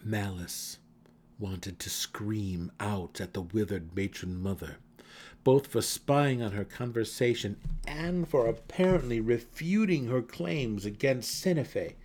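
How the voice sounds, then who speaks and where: Slow, husky male fantasy narrator. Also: fairly low pitch, a little mellow. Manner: measured, deliberate storytelling. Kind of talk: dramatic audiobook reading.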